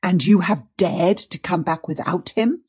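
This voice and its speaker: A woman's voice: sits low, very animated, moderate pace, breathy edge, full character voice. A woman reader voicing a stern middle-aged aunt who questions sharply and grows frantic. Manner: sharp, demanding.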